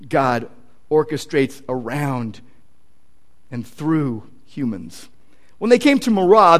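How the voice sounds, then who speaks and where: A male pastor preaching a sermon in a conversational, emphatic way, with casual asides to the congregation. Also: sits high.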